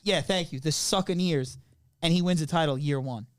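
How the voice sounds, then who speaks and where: A man's voice: a little high, moderate pace, no room sound, clean studio sound. A young man, chatting on a podcast and telling stories with energy. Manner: animated, storytelling, retells skits with quoted voices. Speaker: podcast co-host. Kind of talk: casual chat.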